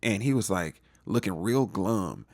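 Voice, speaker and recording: A man casually recapping a TV episode in a slangy, animated way, often acting out the characters' lines. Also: on the low side, a little slow, dry recording, clean studio sound. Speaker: TV recap vlogger.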